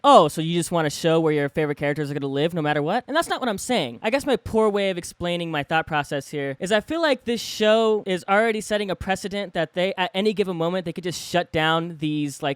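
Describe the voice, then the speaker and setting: A man's voice: high-pitched, fairly bright tone, no room sound, studio quality. Swearing young man ranting in a reaction video. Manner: emphatic, swears a lot, frustrated ranting. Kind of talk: casual reaction commentary.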